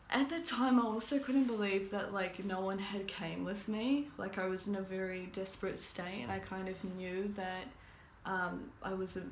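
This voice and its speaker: A woman's voice: mid-range voice, a little hiss or hum. Young woman rambling in an echoey room. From New Zealand. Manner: rambling, many fillers and restarts. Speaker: vlogger. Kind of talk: casual personal storytelling.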